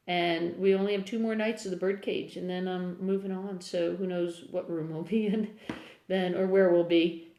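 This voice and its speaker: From an echoey room in a house, a musician from the United States livestreams on her phone, chatting casually and rambling to viewers. She has a fairly low pitch and a darkish tone, and her American accent drifts toward English.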